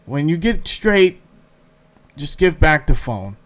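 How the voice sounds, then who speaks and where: A man's voice: fairly high pitch, very animated, slow, a bit bright, full character voice. A man quoting a kind, matter-of-fact woman neighbor, in his own voice without an accent. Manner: plain and practical, no attempt at accent.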